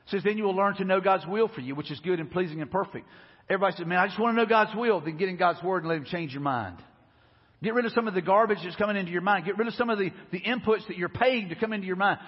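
Earnest preacher man, high and husky. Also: racing. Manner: earnest, repetitive, acts out prayers. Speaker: pastor. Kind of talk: sermon. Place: church sanctuary. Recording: muffled church recording with reverb. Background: long hall reverb.

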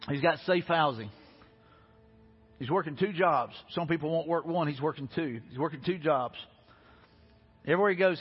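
Earnest high-voiced man preaching in a hall. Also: slightly rough. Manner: earnest, repeats key phrases, builds to emphatic peaks. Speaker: pastor. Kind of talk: sermon. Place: church sanctuary. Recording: dull reverberant church hall with faint music.

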